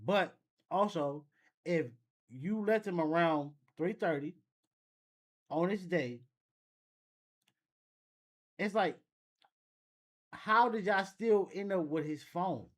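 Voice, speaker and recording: A man's voice: high voice, slow, pauses often. A man hosting a reaction video, musing casually and thinking aloud with frequent restarts. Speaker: reaction channel host.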